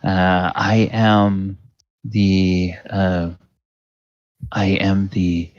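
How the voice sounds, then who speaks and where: A man's voice: low-pitched, flat delivery, extremely slow, no room sound. A man playing an elegant saleswoman. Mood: welcoming. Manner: smooth sales patter with hesitations. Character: elegant ageless human woman, polished saleswoman. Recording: dull lo-fi sound.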